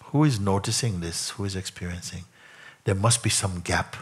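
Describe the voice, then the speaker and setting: A man as a spiritual teacher in a satsang, probing a questioner by repeating questions back in slow, reflective phrases. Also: deep voice, breathy edge. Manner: slow, reflective phrasing with frequent "you know" and "no?". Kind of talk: satsang talk answering a questioner.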